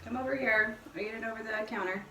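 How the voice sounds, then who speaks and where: A woman hosting a casual home cooking demonstration. She talks viewers through each step in a relaxed, chatty way. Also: fairly high pitch, fast. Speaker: cooking show host. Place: home kitchen. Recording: echoey kitchen, distant mic, background noise.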